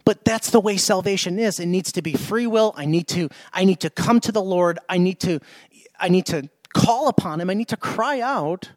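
A man with a high-pitched voice preaches to his congregation, stressing his points by repeating them. He keeps asking the listeners questions. The recording is dry and close. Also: normal speed, no echo. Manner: emphatic, repeats himself, asks the congregation questions. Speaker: pastor. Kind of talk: sermon. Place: church.

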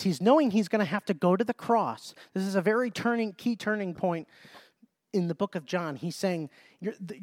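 A man's voice: sits high, no room sound. Guy preaching thru the bible verse by verse, reads it out then breaks it down, earnest, keeps restarting, dead dry sound. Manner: reads scripture aloud, then explains it emphatically.

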